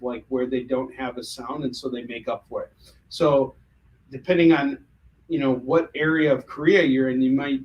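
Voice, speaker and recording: An American man chats casually on a livestream, jumping between comic sales and stories with lots of ums and restarts. His voice sits at an ordinary middle pitch. Faint noise hums behind him. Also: low-quality recording. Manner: animated, jokey, hesitant with fillers. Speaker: host selling comics.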